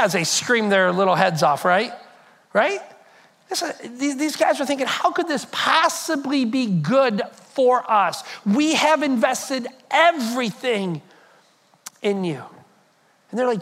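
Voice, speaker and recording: High-voiced man preaching animatedly. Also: moderate pace. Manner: animated, conversational preaching with repetitions. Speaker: pastor. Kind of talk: sermon. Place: church hall before a congregation.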